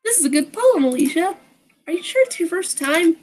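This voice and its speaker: Cheerful teen girl club leader, high voice, woman reads her. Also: big pitch swings, brisk, darkish tone, soft background music, low-quality recording. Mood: warm.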